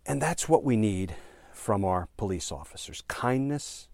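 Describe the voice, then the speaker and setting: A very low-voiced man speaks earnestly about policing, repeating his key phrases for emphasis and pausing on fillers. The sound is dry and close, with no room around it. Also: expressive, creaky, a little mellow, no room sound. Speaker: former prosecutor. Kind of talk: speech on policing.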